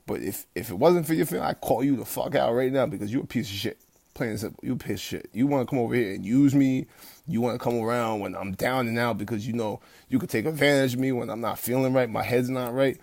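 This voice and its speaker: A man with a rough, gravelly voice gives a late-night home pep talk as a fitness coach. He is blunt and swears freely, starts over often, and turns loud and heated when he rants. The sound is dry and close, with no room around it. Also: mid-range voice, quick pace, no room sound. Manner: blunt, profane, rambling with restarts.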